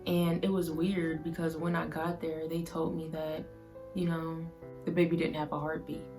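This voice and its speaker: Low, flat-voiced woman telling a hard story. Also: music in the background. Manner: soft, halting, emotional retelling, filled with "like". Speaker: vlogger. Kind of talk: personal storytelling to camera.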